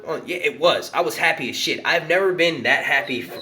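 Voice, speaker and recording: Excitable man swearing on a live stream. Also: on the high side, brisk, hardly any pauses, husky. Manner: animated, swears a lot, reads chat comments aloud. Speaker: youtube live stream host. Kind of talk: casual live stream chat.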